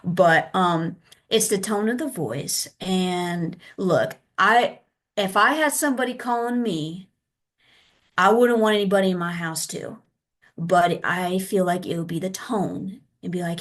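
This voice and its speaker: Soft-spoken American woman investigator. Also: lowish voice, measured pace. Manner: conversational, acts out phone calls in a soft, polite tone. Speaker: child abuse investigator. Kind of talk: casual interview answers.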